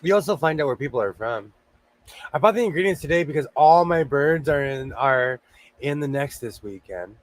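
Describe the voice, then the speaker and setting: A man's voice: on the high side, lively intonation, moderate pace. An older man hosting a casual livestream chat, talking chattily and laughing easily. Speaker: host.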